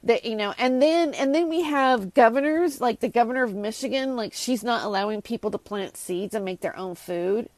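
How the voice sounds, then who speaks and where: A woman's voice: fairly high pitch, normal speed, hardly any pauses, darkish tone, no room sound. A woman from the United States in a casual, rambling rant to her viewers, frustrated, with many restarts and asides. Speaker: vlogger. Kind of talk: casual ranting monologue to viewers.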